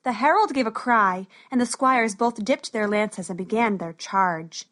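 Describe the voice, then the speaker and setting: Woman narrating a storybook, steady. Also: mid-range voice, measured pace.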